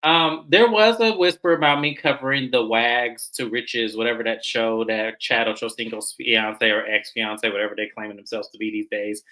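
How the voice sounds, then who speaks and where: A man's voice: medium pitch, fairly even intonation, normal speed, few pauses, pushed and bright, poor audio. A man hosting a reality show recap, talking casually in slang and mimicking the cast as he retells scenes.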